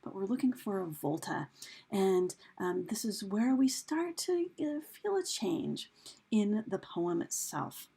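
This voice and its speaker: A woman's voice: medium pitch, expressive, takes it slowly, vocal fry, dark tone, breathy edge. A woman teacher talking through a recorded lesson over slides, chatty, with fillers and questions put to her students. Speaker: English teacher.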